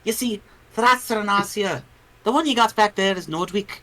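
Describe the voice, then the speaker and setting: A player in a tabletop game talking smoothly and persuasively. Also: medium pitch, moderate pace, pushed and bright. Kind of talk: casual tabletop chat.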